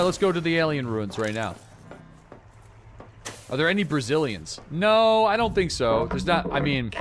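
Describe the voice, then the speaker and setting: A man's voice: on the high side, noisy background. A young man from eastern Canada, rambling and joking through casual live-stream commentary while he plays. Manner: rambling and jokey, with many fillers. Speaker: gaming streamer.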